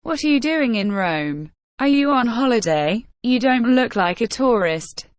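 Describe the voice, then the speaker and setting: A woman voicing a soft-spoken, doting young woman in red in a storybook reading, coaxing and gentle. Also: fairly high pitch, expressive, measured pace, dry recording.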